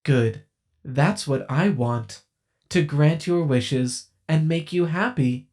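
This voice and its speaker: A man voicing a female doll robot in an audiobook, speaking slowly in a tinny, kind-sounding way that hides something sinister. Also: a little high, a little mellow. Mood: sweetly coaxing. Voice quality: metallic, kind-sounding, slow and deliberate.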